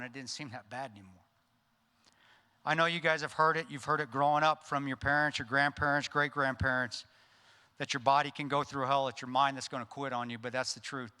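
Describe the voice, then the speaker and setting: A man with a bright, forceful voice tells a gripping war story from the stage of a conference. His delivery is intense and earnest, and it sinks to a hushed tone at solemn moments. The long reverb of the large hall hangs after each phrase. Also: medium pitch. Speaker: keynote speaker.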